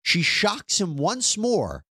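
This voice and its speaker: A man hosting a legal news breakdown, narrating a trial with animated, incredulous rhetorical questions. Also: sits high, slow pace, a little hiss or hum.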